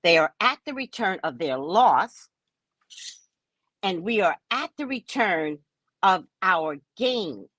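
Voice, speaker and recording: A woman hosting a casual live stream, chatting with viewers by name in a lively, talkative way. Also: lowish voice, slow, no echo. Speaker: psychic live-stream host.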